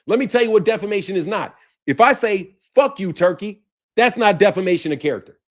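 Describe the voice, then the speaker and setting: A high-voiced man delivers a fired-up rant on his boxing channel. He is confrontational and profane, circles back on the same points again and again, and talks straight at his target. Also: animated, fairly quick. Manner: heated, confrontational, profane, repeats himself. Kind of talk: ranting commentary to camera.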